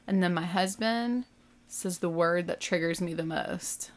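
Animated woman telling a family story. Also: mid-range voice, measured pace. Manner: animated, acts out family dialogue with rising panic. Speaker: mother telling a family road-trip story. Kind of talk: casual storytelling.

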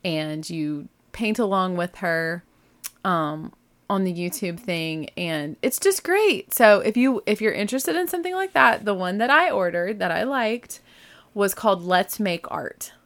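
A woman's voice: mid-range voice, lively intonation, unhurried, a bit bright. Woman, podcast host, casual solo chat, gushing, rambling asides. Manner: chatty, gushing, many fillers and asides.

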